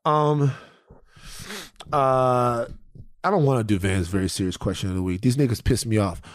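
A man's voice: mid-range voice, moderate pace, noisy background. A man co-hosting a podcast in casual chat, ranting in mock outrage and mimicking friends. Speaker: podcast co-host.

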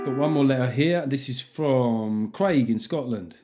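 A man's voice: mid-range voice, a little slow, hardly any pauses, faint music behind. A man with a British accent hosting a comedy podcast, reading listener letters in a jokey, sweary, casual way. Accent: British English. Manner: sweary, jokey, animated, laughs often. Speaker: podcast host.

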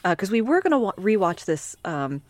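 A woman's voice: mid-range voice, sing-song, brisk, no echo. Dry, sarcastic woman co-host. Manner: dry, sarcastic, blunt put-downs. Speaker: podcast co-host. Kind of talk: casual movie recap chat.

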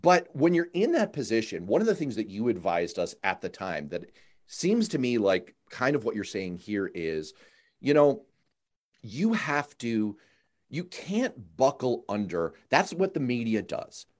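A male podcast host tells stories with emphasis, and his pitch swings widely up and down. His delivery is lively and conversational. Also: measured pace. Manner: animated storyteller, emphatic.

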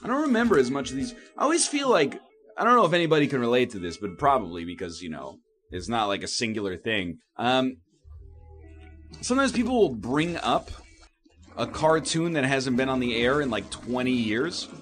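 A man's voice: mid-range voice, sing-song, brisk, a bit bright. A man in his thirties delivering a wry, self-mocking comedic monologue full of tangents.

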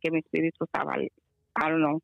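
A woman's voice: low-pitched, level tone, racing, creaky, no echo. A woman guest telling a long story over a call, rambling and mixing in Spanish words. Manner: rambling, mixes in Spanish words, many fillers. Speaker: guest healer. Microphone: phone or video call. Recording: dull lo-fi call audio.

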